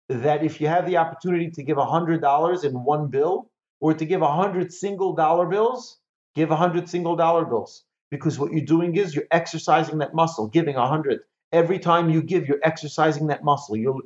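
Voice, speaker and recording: Male rabbi-type teacher, slightly higher voice, animated, rhetorical questions; roomy, muffled recording. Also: normal speed. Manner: animated, repeats key phrases, asks rhetorical questions. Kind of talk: Torah lesson. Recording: echoey, slightly dull room recording.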